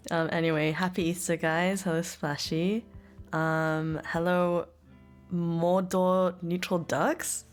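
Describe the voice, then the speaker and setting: A woman's voice: lowish voice, flat delivery, slow, faint music behind. Giggly woman streaming. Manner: giggly, playful, chatty with chat. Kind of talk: casual live-stream chat. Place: home room.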